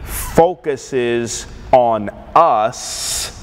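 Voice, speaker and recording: A man preaching a sermon as pastor. He delivers it with deliberate emphasis and keeps checking in with the congregation. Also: mid-range voice. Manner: calls for congregation responses, slow emphatic delivery. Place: church sanctuary. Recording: long hall reverb, faint background noise.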